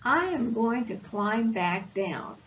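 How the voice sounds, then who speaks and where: An eager, bold young male possum from a picture book, put on by a woman reader. He talks quickly and brightly in a raised pitch. He sounds excited and sure of himself. The recording is lo-fi with a faint hiss.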